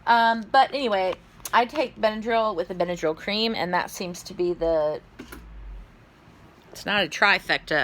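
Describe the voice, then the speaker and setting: A middle-aged woman, chatting casually to camera at home in a rambling way, with sudden high exclamations. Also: a bit bright, a little hiss or hum. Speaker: vlogger. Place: at home indoors.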